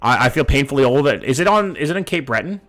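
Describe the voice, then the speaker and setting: Soft music plays behind a mid-range, slightly bright male voice that moves fast with lively intonation. He's a Vancouver streamer in his thirties, casually cursing as he reads chat and guesses locations.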